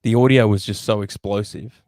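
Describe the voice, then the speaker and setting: A man co-hosting a podcast, reading out questions in casual banter with a deadpan manner and chuckles. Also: on the low side, normal speed, dry recording. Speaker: podcast co-host.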